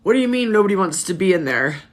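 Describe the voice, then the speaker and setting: A woman's voice: medium pitch, big pitch swings, quick pace. A woman in her thirties hosting a casual livestream, talking frankly and emotionally, swearing freely and greeting viewers by name. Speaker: livestream host.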